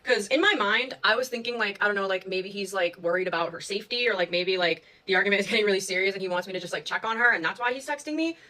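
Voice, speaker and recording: Fast-talking bright young woman storyteller. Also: mid-range voice, low-quality recording. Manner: chatty, filler-heavy, swearing. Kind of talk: casual storytime.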